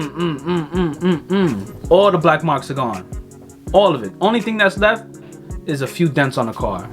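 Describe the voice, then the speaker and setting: Animated young man telling a story. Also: medium pitch. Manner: animated, swears freely, acts out other people's lines. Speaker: car vlogger. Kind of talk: casual storytelling.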